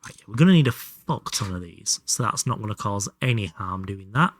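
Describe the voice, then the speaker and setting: A man's voice: fairly low pitch, lively intonation, fairly quick, no echo. Dry-miked Hull-accented young man streaming. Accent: Hull Yorkshire English. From Hull, England. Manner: chatty, swearing, laughing asides. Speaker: livestream gamer. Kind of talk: casual live game commentary.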